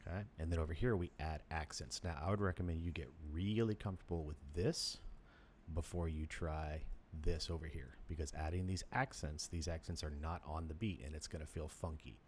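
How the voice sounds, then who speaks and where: A man's voice: extremely low pitch, brisk, slight background noise. A man teaching snare drum rhythms, explaining step by step and counting beats aloud. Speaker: percussion teacher. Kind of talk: instructional lesson.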